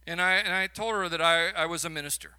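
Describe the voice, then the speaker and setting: High, sharp-voiced Chicago preacher. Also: male voice, fast, clear, resonant tone. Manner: storytelling preacher, builds to emphatic peaks with folksy asides. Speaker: minister. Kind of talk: sermon.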